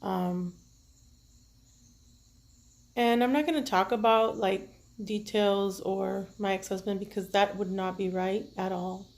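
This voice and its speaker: A woman with children, speaking to her viewers in an emotional, halting personal monologue as a tarot reader, tearful at times. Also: mid-range voice, fairly even intonation, a little mellow. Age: adult with children. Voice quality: earnest, halting, with many restarts and fillers. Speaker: tarot reader and self-care vlogger.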